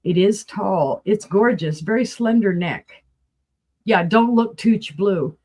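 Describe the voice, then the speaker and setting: A woman's voice: medium pitch, slow pace, darkish tone. Chatty woman with a New Mexico accent. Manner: chatty, folksy, describes items closely to viewers. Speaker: guest seller on a live auction stream. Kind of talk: casual live-sale chat.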